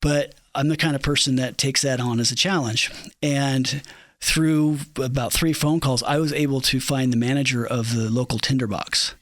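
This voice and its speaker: A man's voice: mid-range voice, normal speed, dry recording. A man in an interview, telling backstage stories and acting out the lines of the people in them, with plenty of ums and uhs. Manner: animated storyteller, acts out quotes, many fillers. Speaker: entertainment director. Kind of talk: storytelling in an interview.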